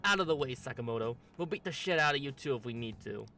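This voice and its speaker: A man's voice: mid-range voice, expressive, fast talker, pushed and bright, recorded from a distance, faint music behind. A man voicing a crude, swaggering teenage bully in a game, blunt and threatening. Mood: menacing.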